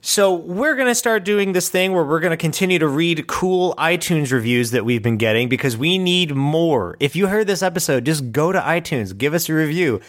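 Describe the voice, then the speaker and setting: A man co-hosting a podcast in casual chat, animated and swearing freely. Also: a little high, moderate pace, few pauses. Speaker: podcast co-host.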